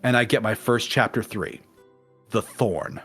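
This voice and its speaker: A man's voice: on the low side, a little slow, soft background music. A man in a casual conversation, telling a long game story and acting out the characters' lines as he goes. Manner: animated storyteller acting out quotes. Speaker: guest in a game discussion.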